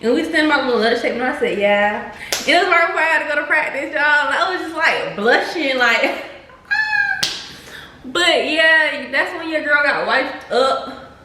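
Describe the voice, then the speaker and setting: Here a young adult woman with a high, expressive voice and moderate pace shares a casual storytime, slangy and conversational, repeatedly saying "y'all" to her audience. There's room echo and faint noise in the recording.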